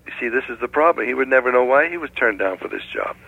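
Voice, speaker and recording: A man from Canada, speaking as a guest in a phone interview, explaining things in a measured way with hypotheticals. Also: medium pitch, animated, gravelly, husky, no room sound. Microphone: telephone. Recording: tinny dry phone line.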